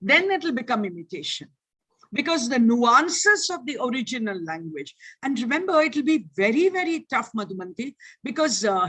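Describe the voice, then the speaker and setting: Forceful older woman with an indian accent. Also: high voice. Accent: Indian English. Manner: animated, teacherly, checks listeners with "right?". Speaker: lecturer. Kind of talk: online lecture Q&A. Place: online video meeting. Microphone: video call.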